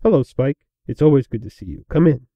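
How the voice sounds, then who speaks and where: A man's voice: medium pitch, expressive, a little fast, no echo, muffled recording. A man voicing a bitter, protective male chaos spirit who talks curtly and with spite. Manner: curt, spiteful.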